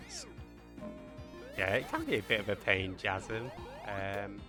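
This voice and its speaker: A Mancunian man from Manchester, England, streams a game live with game music playing. His fairly low voice swings hugely in pitch at a measured pace as he rambles and jokes with his chat in a self-mocking way.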